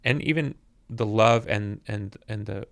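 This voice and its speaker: Speaking unhurriedly, this gravelly-voiced man in his fifties sits down as a musician guest for a thoughtful podcast interview, frequently repeating words as he hunts for the right ones. His voice is lowish and a bit bright, captured at studio quality on a podcast mic without echo.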